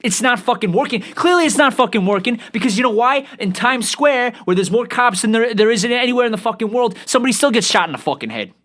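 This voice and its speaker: A man's voice: very high-pitched, animated, quick pace, few pauses, fairly bright tone. A young man hosting a solo podcast, ranting heatedly, swearing constantly and repeating himself as he restarts. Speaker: podcast host. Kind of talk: profane solo rant.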